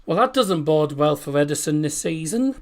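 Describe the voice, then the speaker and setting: A man's voice: a little high, animated, measured pace. A British man hosting a live football watchalong, chatting casually and rambling with laughs between remarks. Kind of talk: casual live match commentary.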